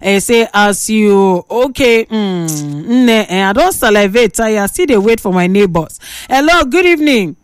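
A woman with a Nigerian accent hosting a call-in radio show, giving lively, scolding advice. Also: mid-range voice, measured pace, few pauses, smooth, no room sound, distant mic. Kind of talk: call-in radio talk in Pidgin.

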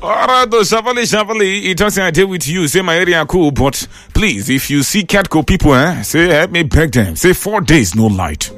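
A male radio host with a Nigerian Pidgin accent, reading out listener messages and greetings on a call-in show with loud exclamations and laughter. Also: fairly high pitch, expressive, normal speed, hardly any pauses, dry recording, faint music behind.

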